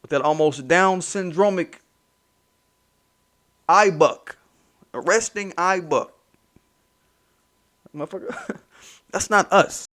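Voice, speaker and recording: A man's voice: high-pitched, slow, pauses often, a bit bright. A man hosting his own commentary channel, ranting in a heated, mocking, profane way and repeating points for emphasis.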